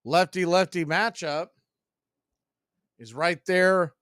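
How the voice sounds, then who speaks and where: A man calling baseball play-by-play for a fan radio stream, steady with wry asides. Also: sits high, slow pace, clean tone, no room sound, clean studio sound. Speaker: play-by-play announcer.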